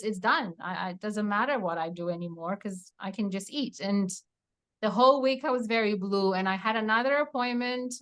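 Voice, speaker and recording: A woman telling her own story in a relaxed interview. She is animated, acting out what people said and laughing as she goes. Her voice sits at a middle pitch for a woman. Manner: animated retelling, acting out quoted dialogue, laughing often. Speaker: patient sharing her story. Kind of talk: emotional personal testimony in an interview.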